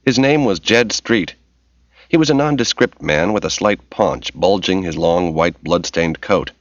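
A man narrating an audiobook in a steady, measured reading voice. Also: sits low, dry recording. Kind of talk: scripted narration. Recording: dull lo-fi recording.

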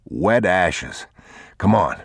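A man's voice: low-pitched, lively intonation, extremely slow, breathy edge, dry recording, clean studio sound, exaggerated voice. A man reading aloud and voicing a tired, protective father who answers in short, clipped, reassuring lines. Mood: terse. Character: weary protective father, terse and steady.

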